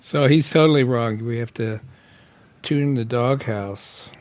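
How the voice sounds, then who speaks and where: A man's voice: mid-range voice, unhurried, darkish tone. A man co-hosting a podcast, raising puzzled questions in casual chat. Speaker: podcast co-host.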